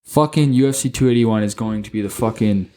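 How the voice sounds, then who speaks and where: A young man co-hosting a casual sports podcast, cursing freely and stumbling over his own words. His voice sits on the low side with a mellow tone. He talks in excitable bursts and repeats himself as he goes. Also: a little fast, a little hiss or hum. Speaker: podcast co-host.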